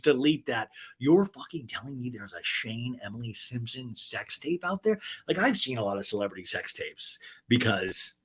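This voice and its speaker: A man hosting a podcast, recapping a reality show in a snarky, profane, casual style and putting on mocking high voices for quotes. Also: expressive, moderate pace, hardly any pauses, bright, forceful tone. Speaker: podcast host.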